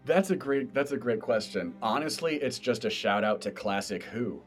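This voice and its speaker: A man's voice: medium pitch, normal speed, faint music behind. A man hosting a podcast, chatting animatedly about running games and doing character voices. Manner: animated, explains by demonstrating voices. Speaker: game master and podcast host. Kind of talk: casual podcast chat.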